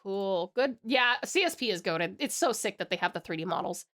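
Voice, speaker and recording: Bubbly high-voiced Australian woman streamer. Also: expressive, moderate pace, a bit bright. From Tasmania, Australia. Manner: bubbly, greets chat with pet names. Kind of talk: casual live-stream chat.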